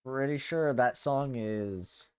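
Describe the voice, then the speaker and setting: A man's voice: mid-range voice, takes it slowly, a little mellow, smooth. Chatty male streamer, rambling. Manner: rambling, chatty, swears freely. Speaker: VTuber streamer. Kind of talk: casual live-stream chat.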